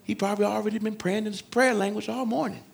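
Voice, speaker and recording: A man preaching a sermon in a folksy, joking way, swinging between loud shouted emphasis and hushed asides. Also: high-pitched, fairly even intonation, fast talker, vocal fry. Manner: conversational, folksy preaching with humor.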